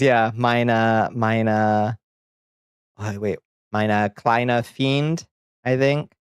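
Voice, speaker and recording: A streamer with a lowish voice chats casually, reading viewer comments aloud and firing back blunt, profane jokes while laughing often. The sound is studio quality with no room sound.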